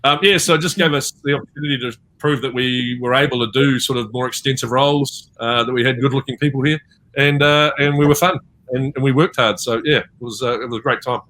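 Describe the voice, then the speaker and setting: A man's voice: medium pitch, steady tone, fast, a bit bright. A man with a New Zealand accent, a voice actor telling rambling stories with many fillers in a panel interview over a video call. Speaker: voice actor guest.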